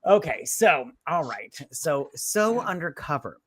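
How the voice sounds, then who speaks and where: A woman's voice: deep voice, sing-song, a little slow, husky, no echo. A woman co-hosting a casual movie review chat, rambling and swearing as she retells scenes and quotes the characters. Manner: rambling, profane, recounts scenes with quoted lines. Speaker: co-host.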